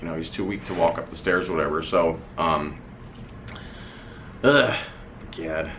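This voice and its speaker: A man's voice: rumbling low, a little slow, fairly bright tone, a little hiss or hum. A man vlogging, telling a personal family story in a candid, rambling way with casual swearing.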